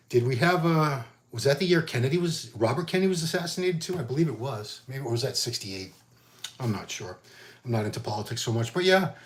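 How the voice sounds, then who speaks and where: A man's voice: medium pitch, darkish tone. A man, chatting casually and rambling in a solo vlog as a bodybuilding magazine host. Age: 50s. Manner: rambling, conversational, frequent fillers and restarts.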